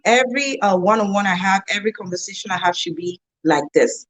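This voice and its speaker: A woman's voice: medium pitch, animated, fast talker, fairly bright tone. A woman hosting a casual interview, upbeat and effusive, often laughing. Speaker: talk show host.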